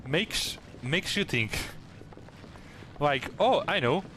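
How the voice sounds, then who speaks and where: A man's voice: on the high side, lively intonation, slow, a bit bright, slight background noise. A man voicing a rowdy, hard-drinking male sailor, reading game dialogue aloud in character with hearty sailor slang and stumbles over the lines. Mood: boisterous.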